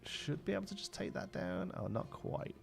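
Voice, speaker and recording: A man's voice: high voice, very animated, normal speed, gravelly. A man in his thirties from Birmingham with a Brummie accent, chatting casually as a game streamer, rambling with lots of restarts. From Birmingham, England. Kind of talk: casual live-stream chat. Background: faint background music.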